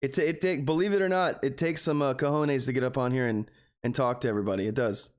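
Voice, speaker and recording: A man's voice: mid-range voice, fast. Rambling man chatting to his stream viewers. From Texas. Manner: rambling, talks straight to his viewers, keeps saying "guys"; earnest and openly emotional. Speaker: stock trading livestreamer. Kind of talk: casual live stream chat.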